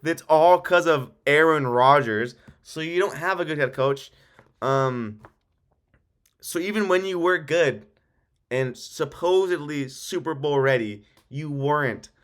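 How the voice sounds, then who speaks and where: A young man with a slightly high, a bit bright voice talks a little slowly as he hosts a sports video. His football commentary is casual and rambling, full of swearing and "um"s, and he works himself into heated rants.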